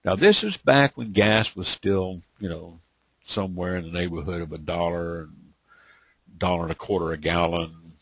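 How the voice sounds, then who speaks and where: A deep, husky-voiced middle-aged man, running a live online training. He coaxes his listeners, calls out to them, and keeps checking in with "okay?" and "all right?". His voice is close and dry, with no room sound around it. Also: fairly bright tone, dry recording. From Atlanta, Georgia, USA. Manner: coaxing, repeatedly calls on listeners, ends points with "okay?". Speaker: webinar trainer.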